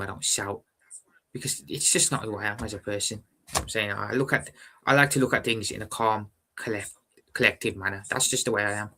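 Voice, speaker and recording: This football fan livestream host is a young man whose bright, forward voice sits low and carries vocal fry. Speaking in a calm, measured way, he keeps repeating his phrases while casually addressing viewers as brother.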